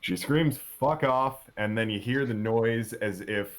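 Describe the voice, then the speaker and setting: A man with a lowish voice takes his turn in an online tabletop game. He talks at an unhurried crawl, pausing with fillers as he works out what to say. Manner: slow and hesitant, with many fillers. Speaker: player. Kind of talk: casual tabletop play. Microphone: computer mic on a voice call.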